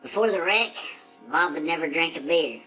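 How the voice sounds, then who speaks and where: A man's voice: a little high, normal speed, sharp tone, faint music behind, poor audio. A man playing a brash, foul-mouthed redneck drag racer in a comedic monologue, full of profane, rambling, boastful trash talk.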